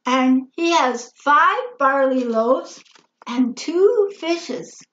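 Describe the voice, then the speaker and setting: A man's voice: extremely high pitch, animated, very slow, a bit bright, exaggerated voice. A hesitant male disciple draws out each word in a raised voice, full of doubt, as a woman puts him on. The voice rings in a roomy space on a slightly dull recording. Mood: doubtful.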